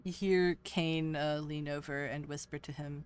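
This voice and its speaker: A woman's voice: deep voice, steady tone, a little slow. Rambling woman game master. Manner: loose and rambling, full of likes and uhs. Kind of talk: tabletop game narration.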